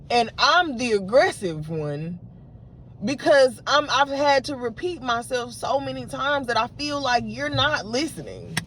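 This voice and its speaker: A woman's voice: on the high side, slight background noise. A woman in her late twenties, talking straight to camera in an unedited vlog and retelling an argument with frustration. She speaks with lots of fillers and restarts. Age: late 20s. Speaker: vlogger. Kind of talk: unedited casual monologue to camera.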